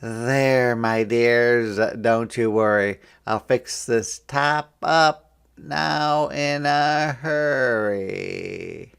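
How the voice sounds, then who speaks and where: A man's voice: medium pitch, extremely slow, creaky, fairly bright tone, smooth, exaggerated voice. A man voicing a cheerful, motherly fox mother with a soothing manner.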